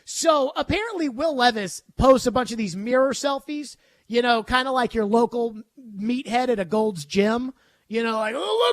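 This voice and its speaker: A man's voice: extremely high pitch, dry recording. A man hosting a sports talk radio show, ranting emphatically with jokes.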